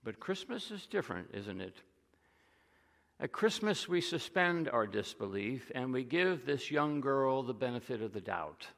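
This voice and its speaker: A man preaching a sermon, retelling stories and dropping to a hush on key lines. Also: mid-range voice, big pitch swings, unhurried, big-room sound. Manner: storytelling, drops to a soft hush on key lines.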